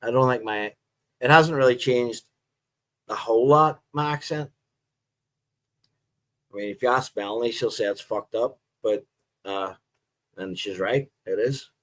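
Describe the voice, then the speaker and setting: A middle-aged man with a Northern Irish accent, hosting a live stream and chatting casually with viewers in a relaxed, rambling way. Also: medium pitch, a little slow, long pauses. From Northern Ireland. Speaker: livestream host.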